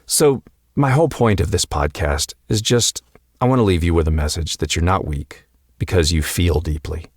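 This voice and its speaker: A man hosting a podcast, giving a calm, earnest and encouraging motivational talk with slow, emphatic pauses. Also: low-pitched, husky, dry recording, clean studio sound. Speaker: podcast host and coach.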